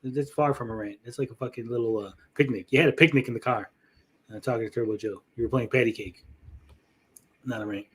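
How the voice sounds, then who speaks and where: A man's voice: medium pitch, fairly even intonation, fast talker, fairly bright tone, breathy edge. A man hosting a livestream, chatting casually while reacting to videos, blunt and sarcastic with lots of swearing. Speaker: streamer host.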